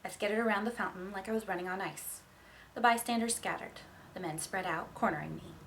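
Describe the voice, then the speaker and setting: A woman reads a novel chapter aloud as an expressive first-person narrator. Her voice has a gravelly, creaky texture at a mid pitch. A faint noise sits under the recording. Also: fairly quick. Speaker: audiobook reader. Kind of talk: storybook reading.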